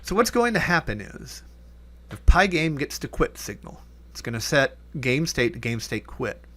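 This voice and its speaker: A programming instructor with an ordinary mid-pitched voice talks through his code in a casual, unscripted tutorial, thinking aloud as he types with lots of fillers and self-corrections. He drifts into quiet mutters and catches his own errors while keys clatter beneath his speech. He's very animated and keeps a moderate pace.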